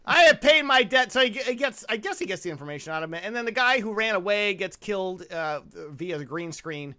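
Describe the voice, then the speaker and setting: A man's voice: high voice, animated, fairly quick, bright, forceful tone. A young man co-hosting a casual movie podcast, riffing on a film with sarcastic, profane jokes. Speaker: podcast co-host.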